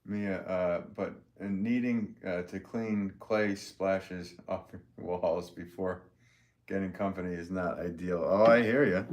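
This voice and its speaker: A man's voice: deep voice, little pitch movement, slow pace, darkish tone. A middle-aged man hosting a live pottery stream, rambling in a friendly way and reading viewers' comments aloud as he shows his pots. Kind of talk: casual live-stream chat and demonstration.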